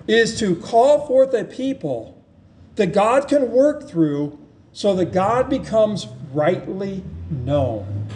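A man's voice: high voice, darkish tone. A man preaching a sermon, reading and retelling scripture with emphasis. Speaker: pastor.

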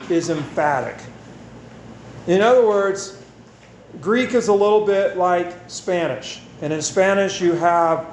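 A man with a fairly high voice preaches in a casual, down-home manner, circling back on his phrases to drive a point home. His words ring through an echoey room over a faint hiss. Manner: conversational and folksy, repeats phrases for emphasis. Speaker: pastor. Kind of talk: sermon with scripture reading and prayer.

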